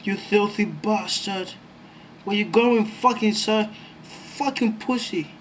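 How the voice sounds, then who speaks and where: A young man commentating his own gameplay, excitable and jumpy, swearing often. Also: high-pitched, slow, a little hiss or hum. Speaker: gaming YouTuber.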